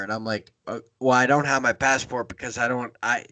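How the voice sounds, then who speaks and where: A young man spins a rambling road story in casual podcast chat, swearing freely and getting animated as he goes. His voice sits at an ordinary middle pitch, recorded dry and close with little room sound. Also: a little fast, no room sound. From Pittsburgh area. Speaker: podcast host.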